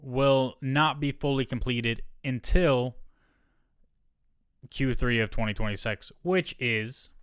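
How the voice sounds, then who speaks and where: Smooth-voiced man hosting a casual podcast. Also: medium pitch, slow pace, fairly bright tone, no room sound, clean studio sound. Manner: rambling, self-correcting, reading an article aloud. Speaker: solo podcast host. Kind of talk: casual solo podcast talk.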